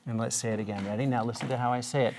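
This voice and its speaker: A woman with a strikingly deep voice and a gravelly edge leads young children through a reading lesson. She is patient and encouraging, and she keeps drawing answers out with steady questions. A faint hiss sits under the recording. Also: rapid-fire. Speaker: reading teacher.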